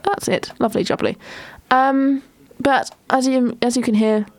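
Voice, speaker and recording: A woman's voice: sits high, steady tone, moderate pace. A young woman hosting a casual solo podcast, chatting in a rambling way with many ums and restarts. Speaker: podcast host.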